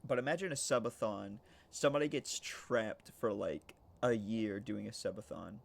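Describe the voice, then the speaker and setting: Guy rambling to chat on a game stream, cursing and joking, raspy fry in his voice. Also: fairly low pitch, normal speed, slight background noise. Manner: joking, profane, rambling, laughs often; talks to chat. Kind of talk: casual live-stream chat while gaming.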